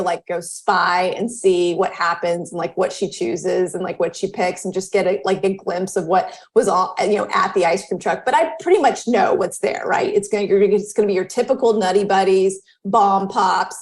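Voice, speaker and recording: A woman in her thirties, a podcast guest, telling a personal story in casual chat and acting out the quoted voices with lively jumps in pitch. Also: normal speed, few pauses. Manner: animated, acts out quoted dialogue with pitch jumps.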